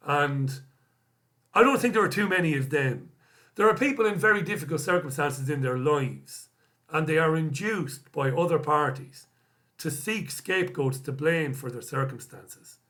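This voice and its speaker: Guy on a live stream reading out comments, blunt and sweary, bright punchy voice. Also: on the high side. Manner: blunt, swears freely, reads comments aloud and answers them. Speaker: host.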